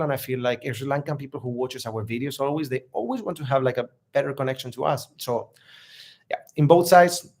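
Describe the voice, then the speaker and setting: A man's voice: medium pitch, darkish tone. A man and travel vlogger answering viewer questions in a casual live Q&A, rambling and friendly with lots of "uh" and "like" fillers. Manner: rambling, loose, heavy on "uh" and "like" fillers; friendly, upbeat, laughs easily.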